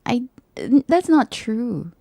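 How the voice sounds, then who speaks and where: A woman co-hosting a heartfelt chat, her voice gravelly and low in brightness. She talks earnestly, almost preaching, about faith and self-growth. The sound is dry and close. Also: sing-song, takes it slowly, no echo. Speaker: podcast co-host.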